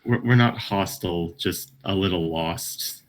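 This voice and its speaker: A man's voice: low-pitched, unhurried. A man playing a tabletop game, talking in a hesitant, polite way. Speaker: player. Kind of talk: casual tabletop play.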